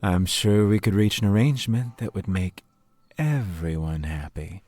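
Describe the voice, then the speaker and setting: A man voicing a polite, flirtatious male town official in a video game, smooth and persuasive. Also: deep voice, normal speed, a little mellow. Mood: courteous.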